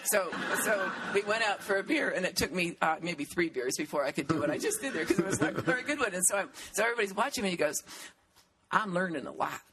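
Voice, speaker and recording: A man's voice: sits high, animated, quick pace, few pauses, background noise. A man moderating a public interview, chatty and apologetic, with laughing asides.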